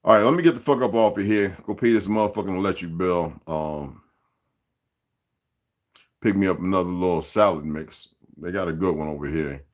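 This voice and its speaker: A man's voice: low voice, moderate pace. A man in his sixties hosting a livestream, speaking in a rambling, profane, streetwise rant aimed straight at his viewers and chat. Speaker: livestream host.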